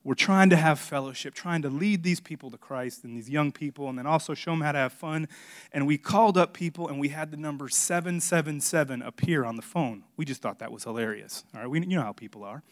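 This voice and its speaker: A middle-aged man preaches a sermon and works a personal story into it. He speaks in a slightly high voice. He teases and confesses in turn, like a pastor having fun with his congregation. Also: brisk.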